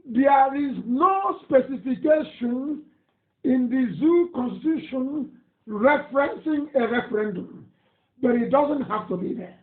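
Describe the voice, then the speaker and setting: A Nigerian man hosts a live radio segment, going through listener messages in a very high, animated voice at a measured pace. His tone is indignant and forceful, with lots of repetition. Tinny phone-quality sound and room echo colour the recording.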